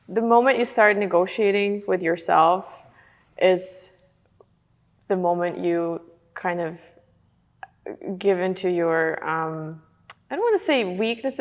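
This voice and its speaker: A woman physician speaking as a podcast guest, direct and matter-of-fact in casual conversation. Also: mid-range voice. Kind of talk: casual interview chat. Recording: reverberant room.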